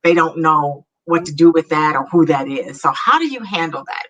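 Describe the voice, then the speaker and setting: Woman host, bright forceful tone, measured questions, interview. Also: deep voice, lively intonation. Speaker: podcast host.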